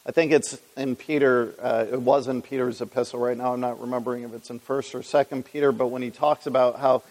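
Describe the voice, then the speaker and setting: A man's voice: mid-range voice, steady tone, brisk, darkish tone. A man teaching through a Bible passage in a conversational way, reading scripture aloud and putting questions to his listeners. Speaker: preacher. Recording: long reverb of a large hall.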